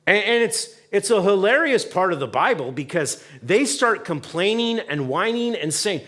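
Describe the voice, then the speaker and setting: A man preaching a sermon as pastor in a church, conversational and animated, acting out the voices in the story and asking the congregation questions. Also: high voice, moderate pace, hardly any pauses. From United States. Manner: animated, acts out voices of people and God in quotes. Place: church sanctuary.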